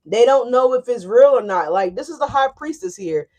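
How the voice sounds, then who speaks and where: A woman speaking to her viewers in a loose, chatty tarot reading. Her voice sits a little high, and she talks with lively emphasis. She keeps checking in with the audience and swears now and then. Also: moderate pace. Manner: animated and emphatic, often tagging "right?", swears freely. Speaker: tarot reader. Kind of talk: casual tarot reading to camera.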